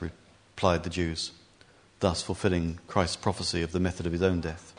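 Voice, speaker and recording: A man reading a scripture passage aloud as scripted narration, in clear, even storytelling. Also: low-pitched, moderate pace. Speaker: reader.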